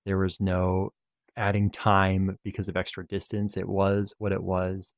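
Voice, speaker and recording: A man's voice: low voice, monotone, unhurried, no room sound. A man in a casual podcast chat, speaking thoughtfully and hesitantly, often restarting his sentences.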